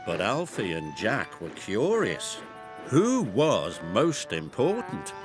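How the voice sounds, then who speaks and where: Man, children's story narrator, slow pace, lively pitch, background music.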